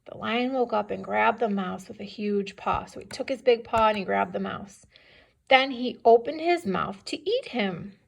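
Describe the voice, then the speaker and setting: A second-grade teacher with a gravelly, mid-range voice reads a story aloud to young children at a moderate pace. She is patient and questioning, pausing to ask them things and check that they understand.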